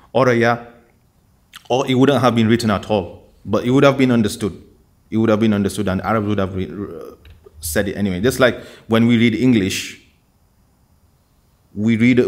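A man lecturing a class in a deliberate, explanatory way, often pausing to check that his students follow. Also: on the low side.

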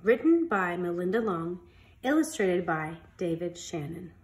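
A woman reading a children's picture book aloud as a storyteller, in an animated, expressive way. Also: lowish voice, measured pace.

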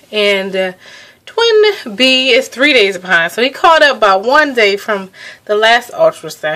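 A woman's voice: mid-range voice, bright, forceful tone. A young adult woman giving a casual vlog update, chatty and a little out of breath, laughing often and restarting her sentences. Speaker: pregnancy vlogger.

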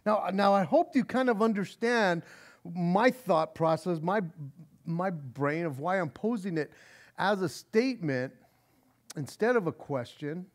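A man preaching an expository sermon from the pulpit. His voice sits high and swings widely in pitch, and he often repeats and restarts words as he works through the text. His earnest delivery slows down for scripture. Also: animated. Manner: earnest, frequent stammered restarts; reads scripture aloud slowly. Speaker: pastor.

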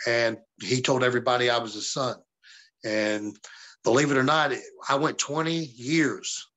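Profane, bright-voiced Southern man telling stories. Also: medium pitch, moderate pace. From American South. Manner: profane, animated storyteller acting out quotes. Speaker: wrestling guest. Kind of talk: casual storytelling interview.

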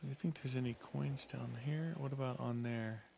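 A man's voice: medium pitch, steady tone, moderate pace, creaky, noisy background. A man co-hosting a gaming channel, chatting casually and playfully while exploring a zombie map. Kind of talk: casual gameplay chat.

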